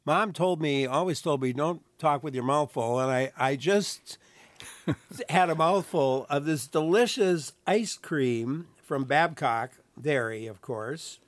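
A man's voice: a little high, slow pace, dry recording. A man hosting a public radio call-in show, easygoing and lightly joking. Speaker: radio news host.

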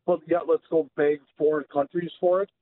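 A man's voice: fairly high pitch, steady tone, brisk. A male caller on a radio call-in show, ranting indignantly about politics. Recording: tinny phone line with faint hiss.

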